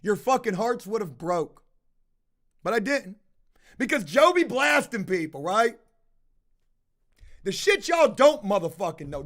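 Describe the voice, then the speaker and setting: A man telling a story to his viewers in a loud, belligerent rant full of swearing. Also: extremely high pitch. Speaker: video host. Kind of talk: profane ranting storytime.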